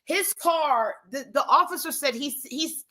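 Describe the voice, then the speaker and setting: A young woman telling a story in a casual monologue, animated and emphatic, often restarting her sentences. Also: sits high, unhurried.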